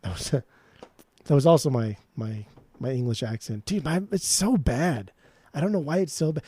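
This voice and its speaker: A man's voice: medium pitch, expressive, a little fast, mellow, breathy edge, no echo. A man co-hosting a podcast, talking in a rambling, profane, ranting way. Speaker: podcast co-host. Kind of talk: casual podcast chat.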